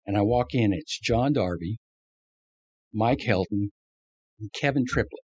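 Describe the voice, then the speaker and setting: A man's voice: lowish voice, unhurried, breathy edge. A man, a former race crew chief, telling stories in an interview, acting out quotes and laughing often. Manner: animated storyteller, acts out quotes, laughs often. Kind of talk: storytelling interview.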